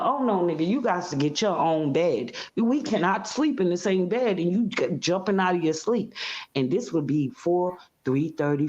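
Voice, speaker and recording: A woman guest in a casual interview, telling her story in an animated, expressive way and acting out scenes. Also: low-pitched. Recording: slightly muffled audio.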